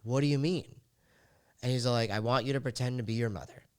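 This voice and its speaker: A man's voice: mid-range voice, smooth. A man hosting a podcast, telling a personal story in a candid, emotional way and leaning heavily on "like" fillers. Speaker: podcast host.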